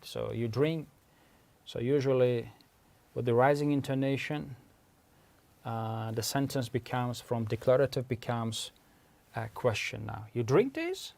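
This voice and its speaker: Gravelly and darkish in tone, this man's mid-range voice carries an Uzbek accent from his first language. He works as a language researcher and is giving a patient, methodical explanatory lecture, pausing often to explain terms.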